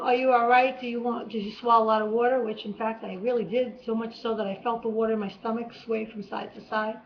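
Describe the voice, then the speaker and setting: A slightly high-voiced woman recounts a personal testimony with earnest emotion, acting out the cries she remembers. The recording sounds dull and lo-fi, like a simple home setup. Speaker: vlogger.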